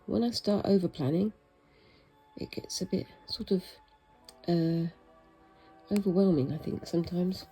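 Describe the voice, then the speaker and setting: This British woman chats informally as she stitches, drifting off on tangents and mocking herself, sometimes in a soft voice. Her pitch is fairly low and slightly rough, her pace measured, with frequent pauses. Faint music sits behind a rough recording.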